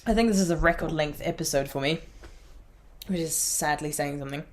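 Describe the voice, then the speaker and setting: Irish woman, podcast host; easy, meandering, self-mocking chat in a lower register. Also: brisk. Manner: chatty, rambling, laughs at herself. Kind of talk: casual chat.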